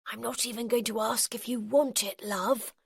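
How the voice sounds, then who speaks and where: A woman's voice: steady tone, moderate pace, no room sound, studio quality. A woman voicing a brooding, growling male earl. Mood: sultry. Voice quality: low growling rasp. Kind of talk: audiobook character voicing.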